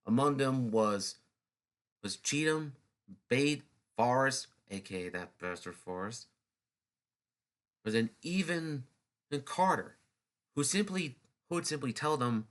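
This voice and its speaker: A man's voice: mid-range voice, lively intonation, takes it slowly, pauses often, a bit bright. A man narrating a history video in a loose, chatty way, with restarts and snarky asides. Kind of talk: casual unscripted history talk.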